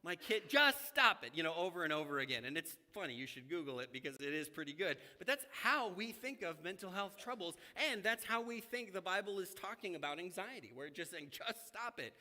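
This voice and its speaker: Man, preacher, bright voice, conversational sermon, talks straight to the congregation, reverberant church hall. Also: high voice, fairly quick, few pauses. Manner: conversational, animated, addresses congregation directly. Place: church sanctuary.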